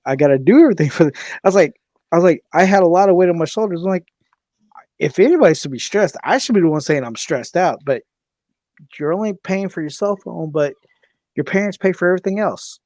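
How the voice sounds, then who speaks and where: Young male podcast co-host, raised voice, lively storyteller, curses often, dry sound. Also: a little high, quick pace, no echo. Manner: animated, swears freely, laughs often, acts out quoted voices. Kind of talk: casual storytelling chat.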